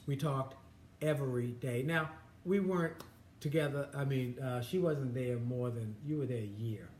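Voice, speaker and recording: A man in his fifties co-hosting a marriage advice chat, halting and often restarting his words. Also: mid-range voice, darkish tone, slight background noise. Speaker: co-host. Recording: roomy echo, faint ambience.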